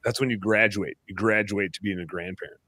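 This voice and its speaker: A man in his thirties from Wisconsin, hosting a podcast in a rambling, animated chat. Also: lowish voice, a little fast, breathy edge. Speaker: podcast host. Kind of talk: casual chat.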